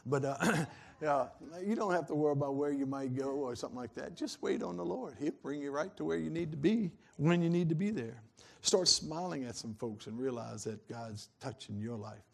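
A man's voice: a little high, moderate pace, vocal fry. A man preaching a sermon in a folksy, earnest way that swells into fervent peaks.

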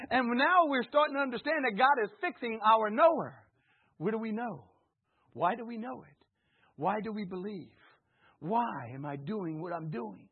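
An associate pastor preaches a sermon in church, telling stories and calling out to the congregation in call-and-response. His voice is high-pitched and slightly rough, and the recording has a tinny, phone-like sound.

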